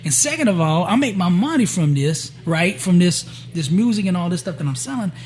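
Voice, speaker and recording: A man telling a personal story in a casual, animated way, acting out each quoted exchange and often checking in with his listeners. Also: high voice, brisk, faint music behind. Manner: animated storyteller who acts out the quoted dialogue; frequent "right?" and "you know" to check in with listeners. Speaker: guest sharing a personal testimony.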